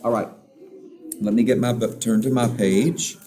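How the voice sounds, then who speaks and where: A man teaching a phonics lesson to young children, slowly sounding out letters and words with patient prompts. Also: lowish voice, fairly even intonation, crowd noise.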